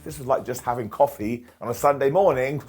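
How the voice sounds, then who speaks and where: A man's voice: mid-range voice, fast talker, husky, soft background music. A man hosting a comedic wrestling review, talking with a slight lisp from a bitten tongue and full of wry, jokey asides.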